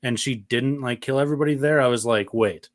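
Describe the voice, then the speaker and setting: A man's voice: medium pitch, quick pace, no echo, clean studio sound. A man co-hosting a movie podcast, chatting casually and acting out scenes. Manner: animated, acts out scenes in quoted voices. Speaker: podcast co-host. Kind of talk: casual movie review chat.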